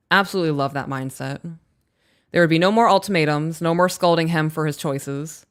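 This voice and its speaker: A woman's voice: sits low, normal speed, clean tone. A woman hosting a casual live stream, reading listener emails aloud and reacting bluntly with casual swearing.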